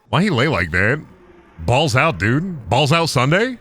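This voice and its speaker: A young man streaming a game, excitable and profane, laughing often. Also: mid-range voice, a little slow, husky. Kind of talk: casual gameplay commentary.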